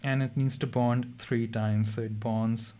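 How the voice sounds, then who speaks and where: A man with a mid-range, level, somewhat slow and mellow voice teaches a late-night online chemistry revision class. The tutor sounds tired, talks casually, and keeps checking in with his students.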